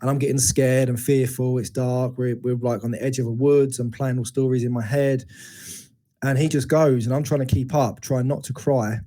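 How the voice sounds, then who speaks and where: Man in his forties, mid-pitched and warm, candid guest opening up about hard memories with halting restarts. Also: fairly even intonation. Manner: open, searching, halting retelling of painful memories. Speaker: interview guest. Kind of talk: candid personal storytelling.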